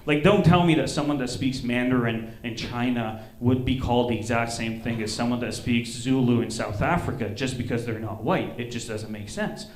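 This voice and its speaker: A man's voice: medium pitch, normal speed, few pauses, a little hiss or hum. A man doing stand-up on a comedy club stage, loose and rambling, swearing often. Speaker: comedian and show host. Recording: roomy club sound, live stage mic.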